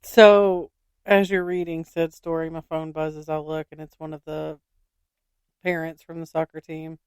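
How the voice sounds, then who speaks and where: A woman's voice: sits low, flat delivery, a little slow, a little mellow, clean tone, no room sound, studio quality. A woman co-hosting a podcast, telling anecdotes with giggles and reading odd state laws to listeners. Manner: giggly, storytelling, addresses listeners as y'all. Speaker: podcast co-host. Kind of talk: casual podcast chat.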